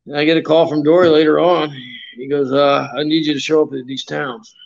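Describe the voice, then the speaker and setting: Speaking fairly high in a level tone, the older man talks briskly with a creaky voice, and the highs are cut off in the audio. He's a retired pro wrestler guesting on a shoot interview, telling folksy, rambling stories packed with fillers and performing the voices of those he quotes.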